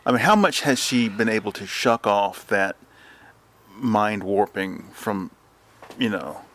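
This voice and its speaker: A man's voice: fairly low pitch, lively intonation, takes it slowly, a bit bright, a little hiss or hum. A man hosting a casual podcast chat at home, rambling and telling stories. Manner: rambling, mimics voices when retelling. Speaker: podcast host.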